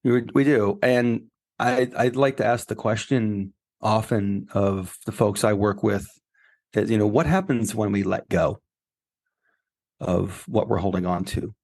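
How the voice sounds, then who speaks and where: Low-voiced man telling a heartfelt story. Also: unhurried. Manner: heartfelt, emotional, animated when retelling. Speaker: guest, grief coach and author. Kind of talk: personal storytelling in an interview.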